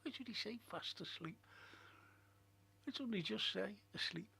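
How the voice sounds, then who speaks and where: A man's voice: high voice, animated, moderate pace, vocal fry, pushed and bright, breathy edge. A man hosting a casual live stream, chatting in a rambling way, musing aloud and reading out viewer comments. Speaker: livestream host. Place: at home.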